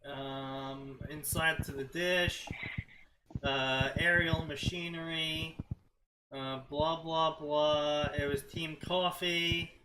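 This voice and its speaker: A man's voice: a little high, fairly even intonation, slow, noisy background. A man co-hosting a stream, reading fanfiction aloud and skimming parts with mocking "blah, blah" asides. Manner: skims text with mocking "blah, blah". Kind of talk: casual stream commentary.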